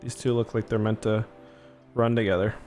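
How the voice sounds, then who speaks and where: A man's voice: on the low side, little pitch movement, normal speed, darkish tone. Young male streamer, rambling casual chat over faint music. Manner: chatty, rambling, thanks viewers. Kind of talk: casual gameplay livestream.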